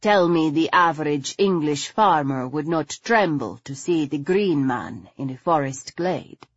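A woman reading the part of a refined, patient aristocratic lady who speaks in a measured, gently chiding way. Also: low voice, animated, breathy edge, no echo, highs cut off, full character voice.

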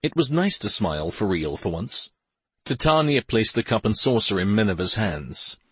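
A man reads a fantasy novel aloud in an expressive, measured way. His voice sits low and a little husky, and his pitch moves a lot. The recording is dry and close. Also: dry recording. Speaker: audiobook narrator. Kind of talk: scripted fantasy narration.

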